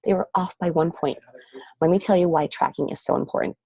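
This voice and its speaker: A woman's voice: low-pitched, brisk, gravelly, warm tone, husky, no room sound. A woman leading a team of fitness coaches on a video call, giving a gushing motivational talk full of exclamations and repeated phrases.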